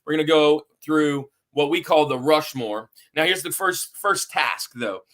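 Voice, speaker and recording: A man's voice: fairly high pitch, expressive, unhurried, fairly bright tone. A man hosting a sports podcast in an upbeat, hype-building, somewhat rambling way. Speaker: podcast host.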